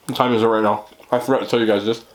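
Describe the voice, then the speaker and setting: Weary male vlogger with a New York accent and a low voice, rambling to camera with self-deprecating laughs. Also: little pitch movement, racing. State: tired. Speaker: mukbang vlogger. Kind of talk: casual late-night rambling to camera.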